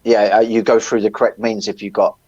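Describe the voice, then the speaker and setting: A man's voice: on the low side, level tone, a little fast, darkish tone. A British man, a coach, speaking firmly in a casual sports chat, repeating his points with emphasis. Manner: firm, emphatic repetition. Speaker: coach and co-host. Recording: dry, muffled remote line.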